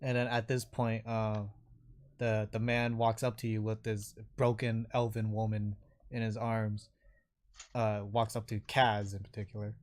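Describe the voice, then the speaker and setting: A man's voice: on the low side, flat delivery, a little slow, a little mellow. Give me a male game master narrating casually with many fillers. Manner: hesitant, filler-heavy narration.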